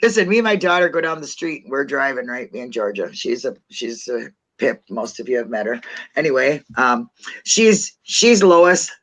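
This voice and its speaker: A woman's voice: a bass voice, sing-song, normal speed, rough recording. A woman in casual chat, telling stories with a self-mocking, laughing manner. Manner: chatty storyteller, laughs often, self-mocking. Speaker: co-host.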